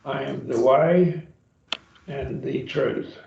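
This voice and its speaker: Patient male Bible-class teacher, gravelly, heard from across an echoey room. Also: mid-range voice, slow pace, mellow, slight background noise. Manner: patient, explains step by step, checks with "okay?". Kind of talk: classroom grammar lesson. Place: church classroom. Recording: distant, roomy and dull.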